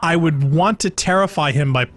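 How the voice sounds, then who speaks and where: A man's voice: fairly high pitch, normal speed. Wry male stream co-host. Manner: wry, joking banter. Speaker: stream co-host reading chat. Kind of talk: casual gaming stream chat.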